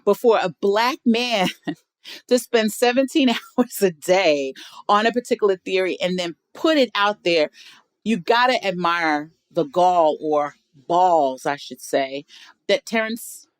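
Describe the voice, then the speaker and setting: A middle-aged woman talking on a podcast as a guest, emphatic and animated, spinning her points like a storyteller. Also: medium pitch, slow pace, no echo. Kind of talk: casual podcast chat.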